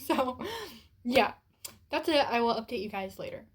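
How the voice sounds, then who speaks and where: A young woman chatting casually on her book vlog, in an animated, self-deprecating way. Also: fairly high pitch, moderate pace. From United States. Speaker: book vlogger.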